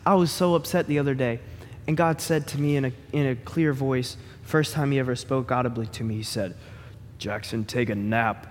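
A man preaching a sermon as pastor, in an animated, joking, conversational way. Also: mid-range voice, fairly quick, long reverb tail, slight background noise.

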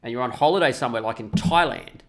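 A man's voice: mid-range voice, fast talker, fairly bright tone. A middle-aged man telling a story and ranting casually, swearing a lot. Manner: profane, ranting, mocking voices. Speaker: vlogger.

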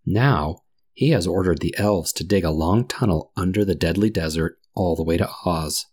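A man's voice: sits low, moderate pace, a little mellow. A man voicing a gloomy tin man. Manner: grave, somber delivery. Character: gloomy male tin man, solemn and sad.

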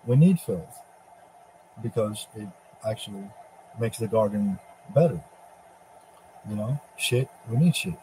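A man's voice: on the low side, animated, measured pace, long pauses, warm tone, slight background noise, poor audio. A man giving a profane, mocking religious monologue, speaking as a divine figure taunting Satan. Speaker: religious preacher.

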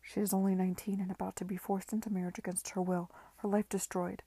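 A woman voicing a firm, earnest young gentleman. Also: medium pitch, flat delivery, quick pace, husky, no echo.

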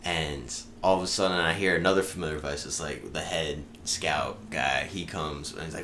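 Young man, very deep voice, casual swearing storyteller, podcast guest. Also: fairly even intonation, normal speed, hardly any pauses, bright, forceful tone, a little hiss or hum. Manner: rambling, swears freely, laughs through stories.

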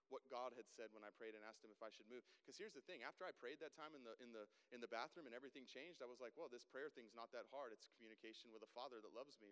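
A man in a large reverberant hall tells his testimony, bright and forceful in tone, with a smooth, resonant voice that sits a little high. He jumps into the voices of the people in his story as he goes. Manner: animated storyteller, acts out dialogue. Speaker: guest speaker.

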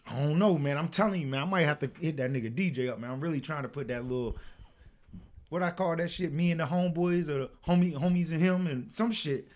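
A man co-hosting a podcast, talking casually and profanely, laughing often and telling stories with lively energy. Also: a little high, quick pace. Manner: profane, laughing, animated storytelling. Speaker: podcast co-host. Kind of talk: casual chat. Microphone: studio podcast mic.

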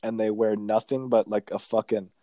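A young man in casual podcast chat who rambles and swears freely. His voice sits fairly low and is recorded dry and close, with no room sound. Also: flat delivery, normal speed, dark tone, no echo. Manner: crude, profane, rambling.

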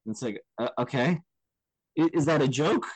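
A man co-hosting a casual film podcast, animated and chatty, who keeps tossing in a quick "right?" to his partner. His voice sits at an ordinary middle pitch. The recording is dry and close, with no room sound around him. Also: slightly rough, no echo, low-quality recording. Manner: animated, often checks in with "right?". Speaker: podcast co-host.

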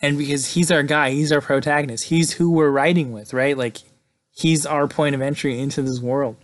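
A man's voice: a little high, normal speed. Guy recapping a movie, super chatty, keeps saying like and right, all hyped up. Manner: chatty, excited, fills with "like" and "right?". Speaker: movie reviewer.

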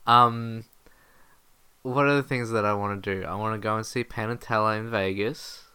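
A man's voice: fairly low pitch, fairly even intonation, normal speed, sharp tone, clean tone. A laid-back man co-hosting a casual podcast chat, laughing easily as he talks. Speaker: podcast co-host.

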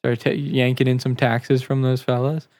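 An American man in crude, casual podcast banter, joking loudly and swearing often. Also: medium pitch, level tone, normal speed. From United States. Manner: loud, joking, swears a lot.

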